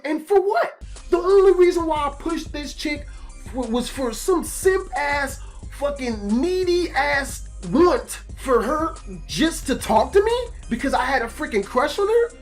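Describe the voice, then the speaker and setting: A man recounts a story in a loose, profane monologue, his delivery running hot and emotional. Soft music plays faintly behind him. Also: very high voice. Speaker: YouTube storyteller.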